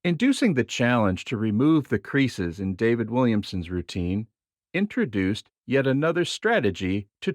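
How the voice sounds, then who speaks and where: A man reading a nonfiction book on magic theory aloud in a measured, expressive way. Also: medium pitch, dry recording, clean studio sound.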